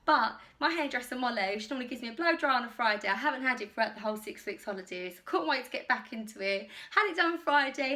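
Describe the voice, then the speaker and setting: A woman's voice: sits high, animated, fast talker, few pauses, sharp tone. A woman with an English accent rambling casually through a clothing try-on vlog at home, self-deprecating and a little out of breath. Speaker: YouTuber doing a clothing try-on haul. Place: home, indoors.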